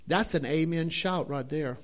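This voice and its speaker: A man's voice: on the high side, measured pace. A man preaching a sermon, fervent and drawn out, repeating his phrases for emphasis.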